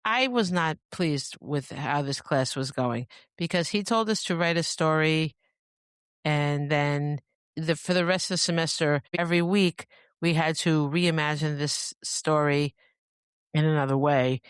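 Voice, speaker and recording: A woman's voice: low-pitched, clean tone, dry recording, studio quality. A woman hosting a podcast in a rambling, chatty monologue, often breaking into laughter. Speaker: podcast host. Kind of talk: casual monologue.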